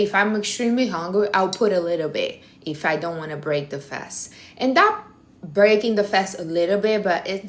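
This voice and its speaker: Blunt, teasing woman livestreaming advice. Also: mid-range voice. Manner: non-native English phrasing. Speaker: livestream host. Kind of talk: casual live-stream chat.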